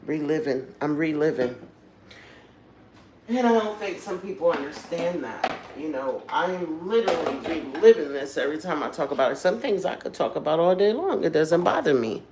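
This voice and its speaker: A woman's voice: deep voice, animated, brisk, few pauses, noisy background. A woman hosting a livestream, talking candidly and emotionally straight to her viewers in a casual way. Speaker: livestream host.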